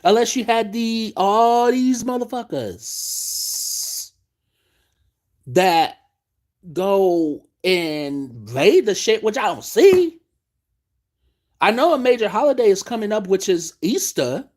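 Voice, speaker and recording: A man's voice: high-pitched, very animated, slow, long pauses, a little mellow. A man hosting a late-night live stream, ranting in a profane, exasperated way.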